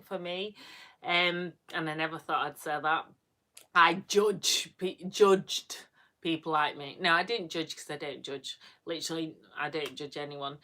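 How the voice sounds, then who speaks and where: A woman from Yorkshire chats to her live viewers in a broad Yorkshire accent, bubbly and rambling with plenty of fillers. Her voice sits a little low yet rings bright and forceful, with a faintly gruff edge. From Yorkshire, England. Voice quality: a bit gruff. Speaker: vlogger livestreaming to viewers. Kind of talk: casual chat with live viewers.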